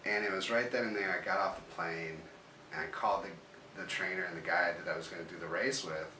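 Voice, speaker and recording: A man's voice: deep voice, fairly even intonation, fairly quick, bright, forceful tone, a little hiss or hum. Rambling man in an echoey room. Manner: rambling, full of "like" fillers and restarts. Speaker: interviewee telling his story. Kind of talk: casual storytelling. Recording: roomy echo, mic at a distance.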